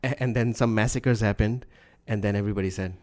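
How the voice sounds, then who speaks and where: A man co-hosting a casual podcast chat, rambling and halting with frequent restarts. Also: on the low side, steady tone, darkish tone. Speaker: podcast co-host.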